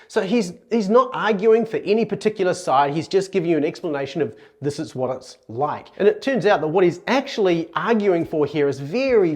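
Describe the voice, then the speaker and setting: A man's voice: fairly high pitch, a little mellow. Earnest New Zealand man teaching Greek. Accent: New Zealand English. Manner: earnest, conversational, restarts and self-corrections. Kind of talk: explanatory video lesson.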